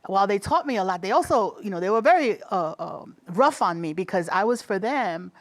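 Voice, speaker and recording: A middle-aged woman with a Bronx accent, telling lively stories in an interview and often laughing. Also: medium pitch, a little fast. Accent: Bronx New York. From the Bronx, New York. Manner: animated storyteller acting out quoted voices, laughs often. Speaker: guest, state commissioner. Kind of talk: conversational interview storytelling.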